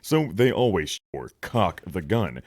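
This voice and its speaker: A man's voice: low voice, sing-song, a little slow, darkish tone, breathy edge, dry recording, studio quality. A man in casual chat, matter-of-fact and explanatory.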